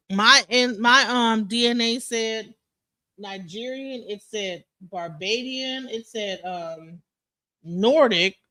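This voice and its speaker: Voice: medium pitch, slow pace, bright, forceful tone, dry recording. A livestream host from Detroit ranting in a heated, profane, emphatic way, often trailing off, restarting and repeating words. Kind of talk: casual livestream rant.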